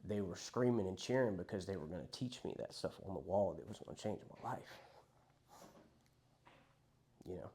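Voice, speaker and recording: A young man speaks in a lowish voice. He tells his own story of addiction and recovery in a candid, rambling way, swearing casually and acting out what others said to him. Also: animated, moderate pace, pauses often, mellow, a little hiss or hum.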